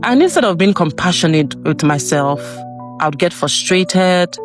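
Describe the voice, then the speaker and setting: A woman giving a calm, measured and earnest motivational voice-over about healing. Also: lowish voice. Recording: voice over clear music.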